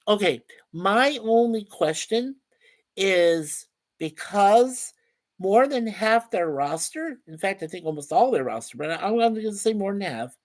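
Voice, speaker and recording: A chatty man hosts a casual livestream in an easygoing, rambling way. He reads out viewer comments, welcomes people one by one, and trips over his words now and then. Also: high-pitched. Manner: chatty, stumbles and repeats words. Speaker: livestream host.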